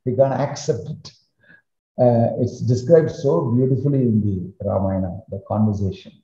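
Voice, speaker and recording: Man preaching a story sermon, animated, kind of muffled echoey sound. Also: fairly low pitch. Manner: animated storytelling with casual fillers. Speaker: swami, spiritual teacher. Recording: roomy, slightly muffled recording.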